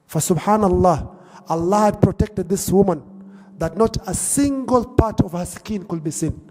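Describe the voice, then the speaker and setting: High-voiced preacher telling a story in a hall. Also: male voice, moderate pace, warm tone. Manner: emotive storytelling, quoting figures in Arabic then English. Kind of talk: sermon storytelling.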